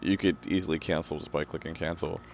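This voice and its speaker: A man's voice: very deep voice, fairly even intonation, quick pace, creaky, background noise. A man co-hosting a casual podcast chat, teasing his friend and rambling about old movies. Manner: teasing, ribbing his co-host. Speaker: podcast co-host.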